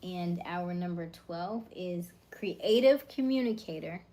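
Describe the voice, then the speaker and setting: A woman's voice: on the low side, lively intonation, slow pace, dark tone. A woman hosting a casual livestream, reading viewers' comments and rattling off personality traits in short, upbeat lists. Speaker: livestream host.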